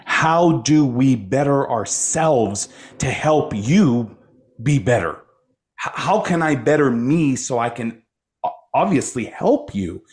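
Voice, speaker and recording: A man's voice: mid-range voice, animated, takes it slowly. Emphatic preacher-like man. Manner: emphatic, preacher-like, repeats phrases for effect. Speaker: guest, life coach. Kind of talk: inspirational podcast talk.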